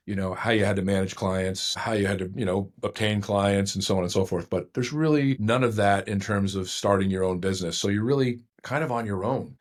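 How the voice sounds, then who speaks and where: A middle-aged man, a divorce attorney guest on a podcast, talking at length in a rambling, self-correcting way. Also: on the low side. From United States. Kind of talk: conversational podcast interview.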